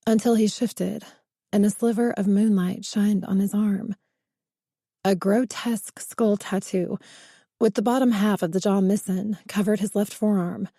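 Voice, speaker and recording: A woman narrates a first-person thriller audiobook, building suspense at an even pace. Her voice is dark and mellow and sits at a middle pitch. The recording is close and dry. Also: unhurried, no echo.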